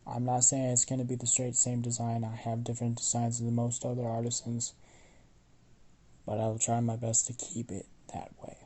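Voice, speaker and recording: A gruff young male blacksmith, blunt and quick to swear. He barks orders at his customer in a low, mellow voice, voiced by a man narrating a fan story. His tone stays casual and unpolished, like a storyteller thinking aloud. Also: completely flat delivery, natural voice. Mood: reassuring.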